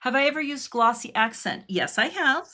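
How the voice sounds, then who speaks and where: A woman's voice: sits high, very animated, moderate pace, sharp tone. A woman hosting a live craft stream, chatting and thinking aloud as she works and thanking viewers in the chat. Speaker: craft livestream host.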